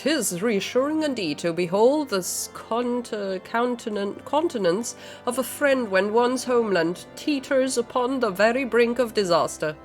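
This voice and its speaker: A woman's voice: on the high side, expressive, a little slow, hardly any pauses, faint music behind, voice pushed up. A woman reading aloud the grandiose, formal lines of a courtly fantasy knight from a game. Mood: earnest, formal.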